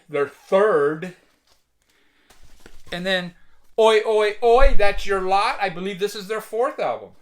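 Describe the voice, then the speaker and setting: A man's voice: high voice, a bit bright. Laid-back man chatting about records. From United States. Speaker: vinyl collector vlogger. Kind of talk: casual record show-and-tell.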